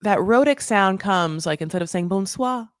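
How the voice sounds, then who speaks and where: A talkative woman in her thirties hosts a casual TV recap, full of "like" and the odd curse. Her voice sits low but keeps shooting up when she gets excited. The sound is dry and close. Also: no echo. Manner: chatty, fast, lots of "like" and swearing; lively, jumps high for emphasis. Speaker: recap podcast host. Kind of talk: casual chat.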